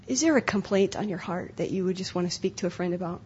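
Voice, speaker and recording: A woman's voice: lowish voice, fast, a little mellow, slight background noise. A young adult woman speaking at a conference breakout session, earnest and emotional, often repeating herself. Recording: dull lo-fi live recording.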